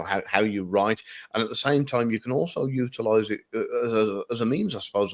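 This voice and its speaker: A man hosting a casual interview, framing his questions hesitantly and repeating words as he goes. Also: fairly low pitch. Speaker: podcast host.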